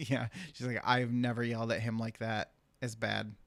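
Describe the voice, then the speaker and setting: A man's voice: medium pitch, little pitch movement, moderate pace, creaky, no echo. A young adult man on a casual podcast, telling a family story with frequent laughs. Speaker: podcast co-host. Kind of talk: casual chat.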